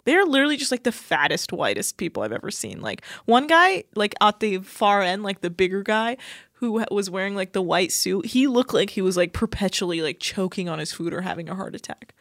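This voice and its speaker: A woman's voice: medium pitch, big pitch swings, brisk, a bit bright, no echo, clean studio sound. A woman co-hosting a podcast, recapping a reality show in a chatty, crude and joking way. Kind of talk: casual chat.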